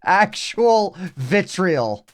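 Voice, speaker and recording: A young man talking over his live game stream, his pitch swinging widely as he rambles from one thought to the next. His voice is smooth and clear, and he keeps slipping in wry, self-mocking asides. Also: very animated, extremely slow.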